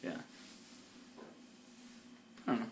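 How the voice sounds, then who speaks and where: A man co-hosting a football podcast, chatting in a relaxed, joking way that often trails off. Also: slow pace, slight background noise. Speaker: podcast co-host. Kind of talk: casual chat. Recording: roomy echo.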